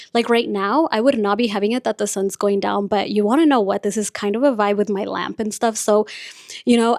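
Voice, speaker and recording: A woman's voice: mid-range voice, a little mellow, no echo, studio quality. A young woman whose first language is Spanish, hosting her podcast in a chatty, confiding way, often saying "like" and "you guys". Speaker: podcast host. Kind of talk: casual chat.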